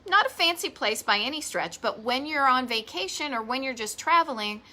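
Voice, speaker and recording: A bright, fairly high-voiced woman with a Boston accent, talking casually into a desk webcam in a home office. She chats with bubbly enthusiasm and pokes fun at herself as she goes. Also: expressive, normal speed, slight background noise. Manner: chatty and enthusiastic, self-deprecating asides. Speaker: host of a live vintage travel show. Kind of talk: casual live-stream chat.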